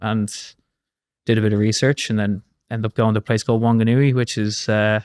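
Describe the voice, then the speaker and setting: A man in his thirties with an Irish accent, a guest telling his story in a casual interview, animated and swearing casually, with lots of fillers. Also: fairly low pitch, fairly quick. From Ireland. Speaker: guest, former rugby player.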